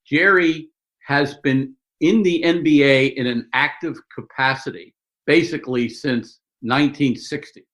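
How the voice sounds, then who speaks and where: Animated older storyteller man. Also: medium pitch, low-quality recording. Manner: animated storyteller, quick asides and mock voices. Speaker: sportswriter guest. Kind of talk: conversational interview storytelling.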